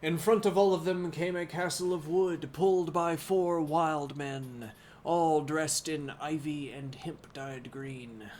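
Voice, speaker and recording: A man reading a classic novel aloud as a bedtime story on a live stream, pausing now and then for unhurried, musing asides to his viewers. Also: on the high side, darkish tone, a little hiss or hum.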